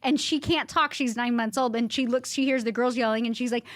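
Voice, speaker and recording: Thirtysomething woman podcast host, kinda high voice, animated storyteller, says like a lot, dry close mic. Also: brisk, no echo. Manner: chatty, lots of "like". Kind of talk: casual chat.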